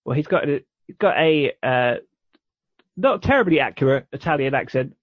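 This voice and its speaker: Expressive and fairly high in pitch, this man from the United Kingdom speaks at a moderate pace as a podcast co-host. In a casual chat, he explains a cartoon in an enthusiastic, rambling way. The recording is dull, dry and lo-fi.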